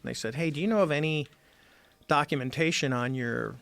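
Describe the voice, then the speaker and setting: Gravelly middle-aged man telling a story. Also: on the high side, fairly quick, dry recording. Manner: animated storyteller acting out quoted dialogue. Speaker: podcast guest, former Navy squadron commander. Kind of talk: casual storytelling interview.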